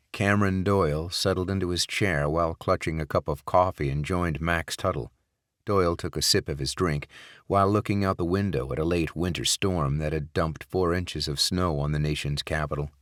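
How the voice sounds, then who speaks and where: A man narrating a thriller audiobook in a measured, steady scripted read. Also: low voice, no echo, clean studio sound.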